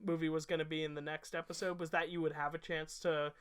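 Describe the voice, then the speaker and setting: A man's voice: on the high side, flat delivery, fast, fairly bright tone, smooth. A young man co-hosting a podcast, easygoing and laughing often, summing up his notes with many fillers and restarts. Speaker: podcast co-host. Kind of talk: casual chat.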